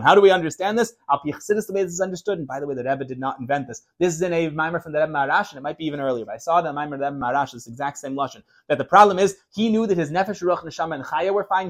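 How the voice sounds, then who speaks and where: A man teaches Chassidus in an informal class, his voice sitting a little high. He talks very fast and tells stories lively energy, often breaking off and restarting his sentences. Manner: quick, animated storytelling with many restarts.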